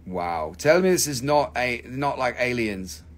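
A man's voice: mid-range voice, sing-song, unhurried. A man hosting a casual live stream where he sells rocks and crystals, joking, rambling, and swearing freely. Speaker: crystal shop host.

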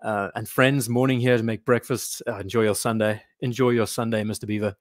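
A man's voice: fairly low pitch, fairly even intonation, fairly quick, no room sound, studio quality. A man hosting a casual live stream, rambling and reading viewer comments aloud.

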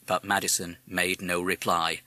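A man narrating a children's storybook in a measured, expressive way. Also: low-pitched, no echo. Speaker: audiobook narrator.

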